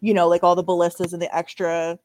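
A woman's voice: on the low side, level tone, fast talker, a little mellow, dry recording. A woman playing a tabletop game, chatting in a playful, giggly way. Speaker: player. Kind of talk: casual chat in a tabletop game.

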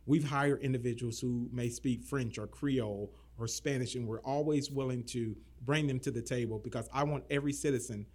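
Earnest man, city manager, mid pitch. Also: fairly even intonation, moderate pace, few pauses, darkish tone. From Florida. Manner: earnest, repeats words when starting. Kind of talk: casual interview talk.

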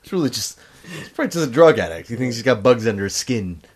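Wisecracking man with a lively pitch. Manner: dry wisecracks, quick asides. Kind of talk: casual comedic banter.

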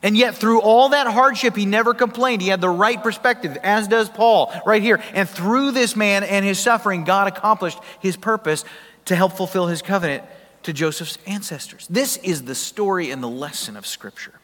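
A pastor preaching a sermon in a conversational, emphatic way, asking the congregation questions. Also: male voice, high-pitched, moderate pace, fairly bright tone. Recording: long hall reverb.

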